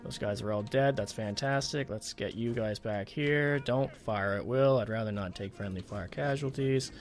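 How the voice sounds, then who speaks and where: A man's voice: fairly low pitch, normal speed, faint music behind. A man talking through a strategy game as he plays, thinking aloud and swearing when the game frustrates him. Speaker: gaming channel host. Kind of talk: let's play commentary.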